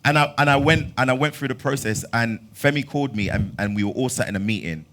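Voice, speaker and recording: Young London man in his twenties, middle-pitched, spirited storytelling talk that acts out dialogue. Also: quick pace. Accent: London English. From London, England. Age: 20s. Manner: animated storyteller who acts out dialogue with bursts of loud laughter. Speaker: actor giving a master class talk.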